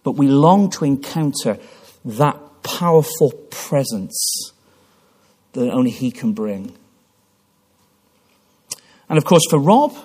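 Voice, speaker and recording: A man's voice: medium pitch, darkish tone, husky. A man preaching a sermon in church, telling a story with passion and frequent restarts. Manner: impassioned storytelling with repeated restarts.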